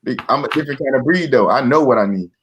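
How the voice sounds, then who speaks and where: The recording is muffled with slight background noise as a man talks fast and expressively in casual guest conversation. He's earnest and repetitive, restarting sentences and acting out quotes in a higher pitch.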